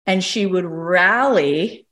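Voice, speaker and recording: Woman coach telling a story on a call, kinda low voice but really animated, acts out the people in it. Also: slow. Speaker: coach and podcast host.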